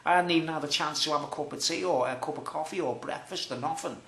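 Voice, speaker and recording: Animated Scouse man telling a story. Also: fairly high pitch, quick pace, roomy sound. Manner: animated, chatty, acts out the people in his story. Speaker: vlogger. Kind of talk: rambling storytelling monologue.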